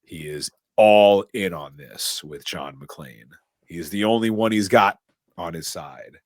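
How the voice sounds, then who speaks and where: A man hosting a podcast, retelling a movie in animated, casual storytelling. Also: low voice, unhurried, no echo. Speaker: podcast host. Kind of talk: casual movie recap chat.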